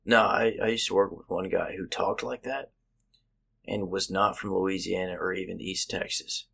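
Man, very low gravelly voice, bright and husky, rambling casual chat. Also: steady tone, normal speed, slight background noise. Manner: rambling, hesitant, filler-heavy.

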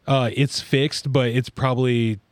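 A man's voice: medium pitch, level tone, measured pace, no room sound. A man with a mid-range voice hosts a casual podcast in his small studio, easygoing and teasing his friends. The sound is dry and close. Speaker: podcast host. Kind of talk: casual chat.

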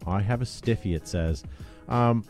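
A man's voice: on the low side, measured pace, a little mellow, faint music behind. A man hosting a casual chat show, talking in an upbeat, rambling way with plenty of fillers. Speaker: podcast host.

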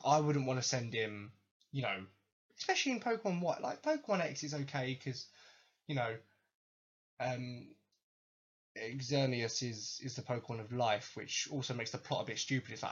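A man's voice: medium pitch, animated, moderate pace, fairly bright tone, breathy edge, muffled recording. A young man hosting a podcast, ranting in exasperated, sarcastic, sweary commentary. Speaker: podcast host.

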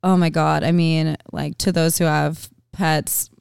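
Woman, fairly low, smooth voice, dry close mic, rambling casual storyteller. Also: level tone, unhurried, a little mellow, dry recording. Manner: chatty storyteller, many "like"s. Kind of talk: casual podcast chat.

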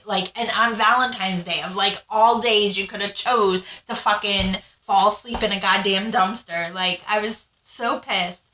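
A woman's voice: medium pitch, steady tone, measured pace, few pauses, bright, forceful tone, roomy sound, a little hiss or hum, poor audio. A woman co-hosting a podcast, telling her story in casual, frank chat, swearing freely and acting out what people said. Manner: frank, swears freely, acts out quoted lines. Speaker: podcast co-host.

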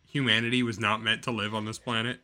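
A man's voice: fairly low pitch, flat delivery, fast, a loud crowd. A man co-hosting a casual podcast, teasing his friend with dry, exasperated remarks. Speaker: podcast co-host. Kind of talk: casual chat.

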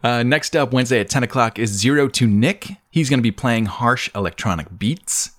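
A man's voice: mid-range voice, animated, moderate pace. A man hosting a casual podcast chat, playful and laughing often as he reads through a list. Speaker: podcast host.

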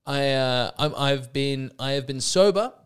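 Unhurried and clean-toned, his medium-pitched voice carries a comedic solo rant. The podcast host, in his thirties and a little sick, sounds sarcastic and exasperated and restarts frequently.

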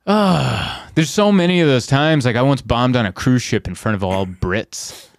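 A comedian telling stories in a casual podcast chat, animated and often laughing as he mimics people. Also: mid-range voice, moderate pace, no room sound, clean studio sound.

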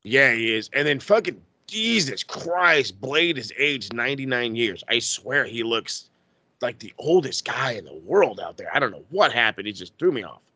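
A man co-hosting a podcast in casual chat, excitable, profane and gushing. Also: medium pitch, normal speed, breathy edge, dry recording. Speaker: podcast co-host.

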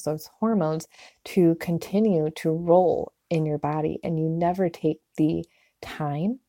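A woman's voice: on the low side, warm tone, no echo. Woman, wellness coach, motivational talk, earnest, acts out inner voices, dry close recording.

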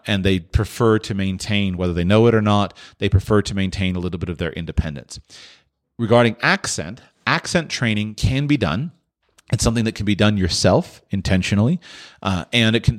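A man hosting a question-and-answer podcast, talking through his answer off the cuff with frequent restarts. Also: fairly low pitch. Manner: thoughtful, with frequent restarts and filler. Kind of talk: unscripted monologue.

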